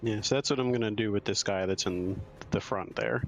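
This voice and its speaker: A man playing a tabletop game, speaking hesitantly with frequent pauses. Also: lowish voice, gravelly, soft background music. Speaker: player. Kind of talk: casual tabletop game play.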